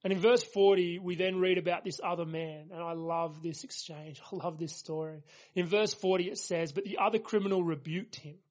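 High-voiced man preaching earnestly. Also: fairly even intonation, normal speed. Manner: earnest, emphatic preaching with repeated phrases. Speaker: pastor. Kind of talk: sermon.

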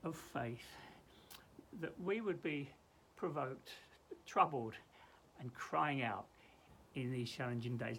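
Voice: medium pitch, slow, a bit bright, a little hiss or hum. A church leader giving an earnest daily Bible devotional and prayer, emphatic, with frequent stammered restarts.

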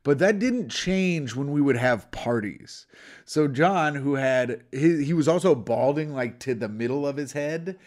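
A podcast co-host in casual chat tells rambling, profane stories packed with "like." His voice is on the high side, animated, and unhurried.

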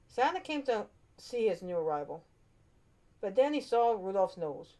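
A woman reads a children's storybook aloud in an expressive way, with small slips and restarts. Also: mid-range voice, moderate pace.

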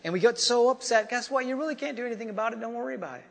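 A man's voice: very high-pitched, racing, creaky. A male pastor preaching a Sunday sermon in a conversational way, repeating refrains and tossing in "you know" and "right?". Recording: long hall reverb.

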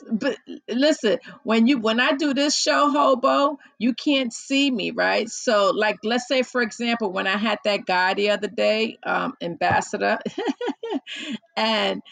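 A woman's voice: fairly high pitch, creaky, a bit bright, no echo, low-quality recording. A woman hosting a podcast in casual chat with a caller, chatty and self-deprecating, laughing often and admitting she feels nervous. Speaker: podcast host.

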